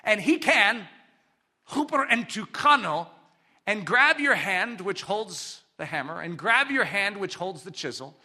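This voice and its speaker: A man delivering a sermon in a bright, cutting voice that sits high for a man. He swings from loud, forceful exclamations to soft, intimate asides, and his pitch leaps and falls all the way through. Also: lively intonation, a little slow. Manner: dynamic preaching, swinging between loud exclamations and quiet asides. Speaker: pastor.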